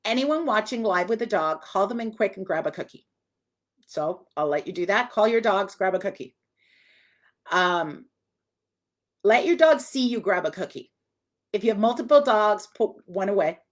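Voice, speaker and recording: A woman's voice: mid-range voice, expressive, normal speed, pauses often. Chatty woman dog trainer teaching live. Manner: chatty and direct, acts out dog voices. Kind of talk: live online training lesson.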